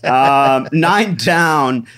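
A man's voice: mid-range voice, very slow, a bit bright. A man co-hosting a comedic podcast, rambling with many stammering restarts. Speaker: podcast co-host.

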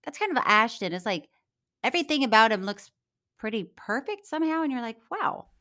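A woman's voice: a little high, lively intonation, fairly quick, bright, forceful tone. A woman co-hosting a podcast, chatting casually in a bubbly way and laughing often. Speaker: podcast co-host. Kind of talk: casual chat.

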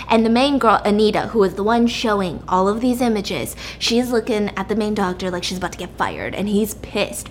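A woman's voice: medium pitch, slight background noise. A young woman casually recapping a story in a chatty way, with many fillers.

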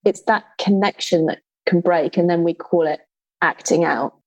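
A woman's voice: fairly low pitch, moderate pace, a little mellow, no room sound, poor audio. Thoughtful woman hosting an interview. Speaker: podcast host. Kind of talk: casual interview chat.

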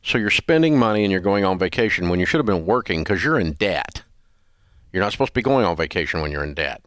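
A man's voice: sits low, animated, quick pace, fairly bright tone, clean tone, dry recording, studio quality. An older man hosting a radio advice show, blunt and scolding in an emphatic, repetitive way. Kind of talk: call-in advice show banter.

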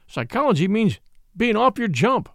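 A man's voice: sits high, sing-song, normal speed, gravelly, fairly bright tone, no room sound, clean studio sound, voice pushed up, heavily acted. A man voicing a confident former thief turned detective in a storybook reading, speaking in a decisive, matter-of-fact way.

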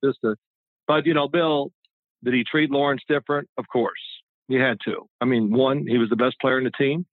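A man's voice: medium pitch, steady tone, moderate pace, dry recording. Older man telling stories over a tinny line. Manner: rambling, chatty, with frequent restarts. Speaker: former quarterback, guest. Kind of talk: casual storytelling interview. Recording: tinny phone-like line, dry.

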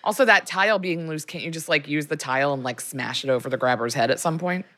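A woman's voice: low-pitched, fast talker, fairly bright tone. A woman co-hosting a podcast in casual chat, giving short, wry reactions. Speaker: podcast co-host.

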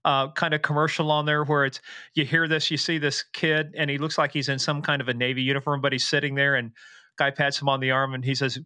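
A man's voice: mid-range voice, little pitch movement, quick pace, bright, forceful tone, no room sound, clean studio sound. A middle-aged man from Southwest Kansas hosting a podcast, chatty and joking in casual interview talk. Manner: chatty, joking, calls guest brother. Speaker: podcast host.

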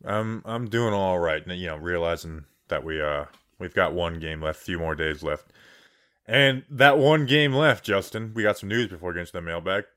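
A man hosting a sports talk podcast, his voice sitting a little low. He talks in a loose, rambling way, with plenty of ums and asides. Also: animated, moderate pace, pushed and bright. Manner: conversational, rambling with fillers. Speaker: podcast host. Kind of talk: casual sports podcast chat.

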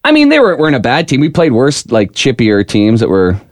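A young adult man co-hosting a podcast, telling a story in a casual, animated way and acting out shouted lines. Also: medium pitch, brisk, no room sound. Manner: animated, mimics shouted voices in anecdotes. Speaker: podcast co-host.

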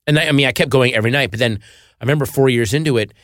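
A man, a guest comedian, telling stories in animated casual chat and acting out gruff quotes. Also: mid-range voice, rapid-fire, dry recording, studio quality.

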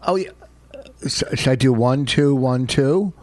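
A man's voice: medium pitch, unhurried, a little mellow, no echo. A man co-hosting a podcast, chatting casually and teasing his co-host with playful banter. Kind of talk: casual chat.

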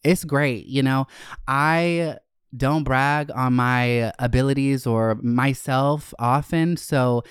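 A man hosting his own podcast in a camp, chatty solo talk, gushing about himself with sudden swoops up in pitch. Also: fairly even intonation, takes it slowly, smooth, dry recording, clean studio sound. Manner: gushing and self-hyping. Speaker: podcast host. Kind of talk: casual solo podcast chat.

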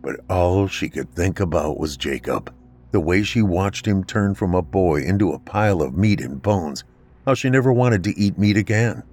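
A man narrating a scripted horror story in a measured, grave delivery. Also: low voice, animated, darkish tone, faint music behind. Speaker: podcast narrator.

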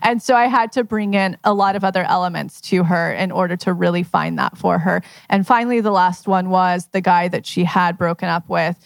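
A woman's voice: fairly low pitch, fairly even intonation, a little fast, gravelly, hardly any pauses, no echo. A young woman coaching at a live question session, chatty, often laughing and acting out voices as she talks. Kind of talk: live Q&A talk.

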